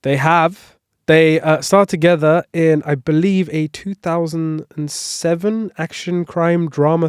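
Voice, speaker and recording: A man's voice: a little high, darkish tone, no room sound, clean studio sound. A man hosting a casual podcast, quizzing his co-host and reading clues with lots of fillers. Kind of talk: casual podcast quiz chat. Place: home, on a couch.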